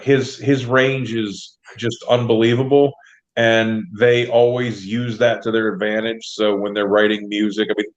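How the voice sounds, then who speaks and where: A man telling stories in casual podcast chat, animated and full of "like". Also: fairly low pitch. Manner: animated storyteller, heavy use of "like". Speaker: podcast guest, comedian and wrestling trainer. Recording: dull lo-fi sound.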